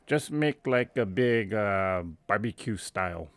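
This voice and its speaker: A man's voice: lowish voice, expressive, unhurried, dry recording. A man voicing his stubborn older Japanese mother, with a Japanese accent, insistently repeating a word she mispronounces.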